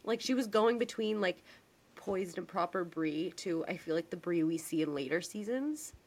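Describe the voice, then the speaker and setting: A young woman in casual chat, retelling scenes with lively quoted voices. Her voice sits a bit low for a woman. She talks with animated, chatty energy. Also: moderate pace. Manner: animated storyteller, acts out quotes. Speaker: podcast co-host. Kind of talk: casual chat recapping a TV episode.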